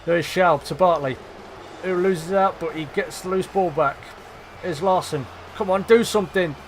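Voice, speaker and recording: A young man commentating live on his football management game, swearing and shouting at his players. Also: high voice, normal speed, a little hiss or hum. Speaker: gaming commentator.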